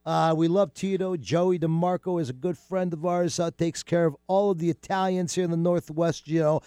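Male radio host, casual chatter, fillers, slightly high voice, dry close mic. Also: steady tone, normal speed, mellow, clean tone, no room sound. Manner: chatty, jokey, lots of fillers.

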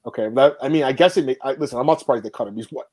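A man's voice: medium pitch, rapid-fire, mellow, slightly rough. A man hosting a podcast in casual chat, blunt and opinionated, swearing freely. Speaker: podcast host.

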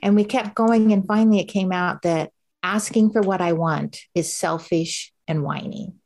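As an interview guest, a middle-aged woman tells her story candidly and conversationally, animatedly acting out the voices of people she quotes. Her voice is on the low side and she speaks at a normal speed.

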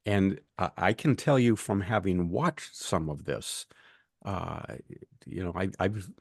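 A low-pitched man in casual conversation, swearing freely and acting out what others said. His voice is close and dry, with no room sound. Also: animated, takes it slowly, creaky, dry recording. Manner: storytelling, acts out others' lines with swearing. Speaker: podcast co-host, lawyer. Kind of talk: casual chat.

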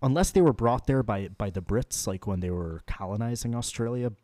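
A man's voice: mid-range voice, fairly quick, darkish tone, dry recording. A young man in casual podcast chat, rambling and swearing freely with a joking manner. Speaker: podcast co-host.

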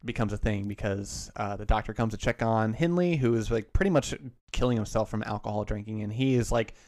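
A man's voice: on the low side, a little fast, a little mellow. A man co-hosting a casual chat, retelling a story loosely with lots of "like" and restarts.

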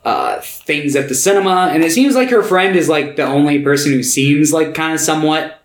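A man's voice: fairly high pitch, fairly quick. Laid-back man in an echoey room. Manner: laid-back, filler-heavy recaps. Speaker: podcast co-host. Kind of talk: casual film discussion. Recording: roomy echo.

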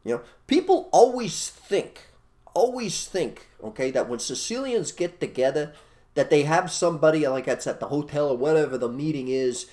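A man co-hosting an opinionated casual chat, blunt and animated, repeating his phrases for emphasis. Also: mid-range voice. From United States. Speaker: co-host.

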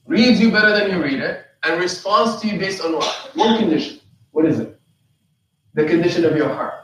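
A man with a high voice delivers a Qur'an lecture as an imam in a prayer hall. He keeps asking the listeners rhetorical questions and slips into the voices of the people he quotes. The mic sits far from him, and the room is heavily echoey.

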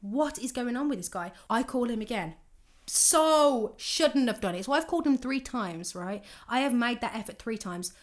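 A young woman with a slightly high voice. She tells a personal dating story in a casual, animated way. She slips into the voices of both sides of the conversations. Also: moderate pace. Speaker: vlogger giving dating advice.

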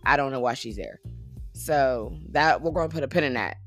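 Sassy, chatty woman with a low voice. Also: normal speed, fairly bright tone, faint music behind. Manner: chatty, sassy, laughs often. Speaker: reality TV recap host. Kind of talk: casual chat recap.

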